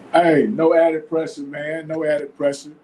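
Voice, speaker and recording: A man's voice: fairly high pitch, level tone, measured pace, dark tone, a little hiss or hum, rough recording. A man from Florida hosting a casual podcast interview, laid-back and full of fillers like "man" and "you know". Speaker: host.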